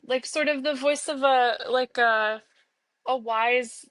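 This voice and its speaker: A young woman speaks as a playful part of herself in a therapeutic role-play. Her voice sits a little high and bubbly, and her talk is full of "like." The recording is close and dry, with almost no room sound. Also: fairly even intonation, a little slow, a bit bright, dry recording. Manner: playful and bubbly, many filler "like"s.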